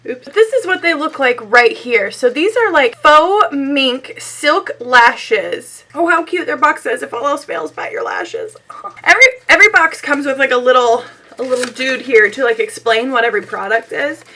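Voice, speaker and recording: A woman's voice: sits high, animated, normal speed, sharp tone. A young woman losing her voice, chatting casually and giggling through a beauty unboxing on her channel. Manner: chatty and giggly, rambling asides. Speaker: beauty vlogger.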